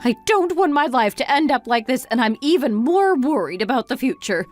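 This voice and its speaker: A woman voices an exasperated mother who berates her grown son with a stream of reproachful questions. Her fairly high, sing-song voice swings widely in pitch and moves a little fast. It's a texting-story voice-over with faint music underneath.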